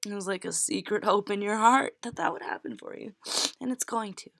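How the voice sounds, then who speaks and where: A woman's voice: medium pitch, brisk, vocal fry, fairly bright tone, no echo, studio quality. A woman reading tarot cards for her viewers, tearful and heartfelt, laughing through her tears as she reassures them. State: crying. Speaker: tarot reader.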